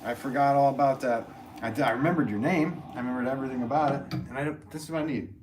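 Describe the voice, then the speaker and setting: A middle-aged man talks fast in a mid-range voice while livestreaming from a pottery studio. His casual chat rambles as he reads out viewer comments, full of fillers and restarts, over a continuous background noise.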